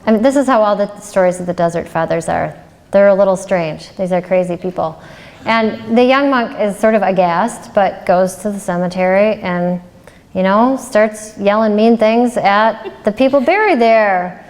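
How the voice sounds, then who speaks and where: A woman's voice: medium pitch, moderate pace, a little mellow. Woman lecturing in a reverberant hall. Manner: conversational, with rhetorical questions and some "um"s. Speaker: ethics lecturer. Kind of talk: public lecture.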